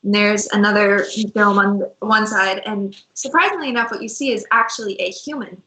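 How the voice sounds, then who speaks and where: A woman narrating a tabletop game as game master, unhurried and searching for words as she describes the scene. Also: mid-range voice, fairly even intonation, pushed and bright, roomy sound, low-quality recording. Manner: unhurried, hesitant descriptions with fillers.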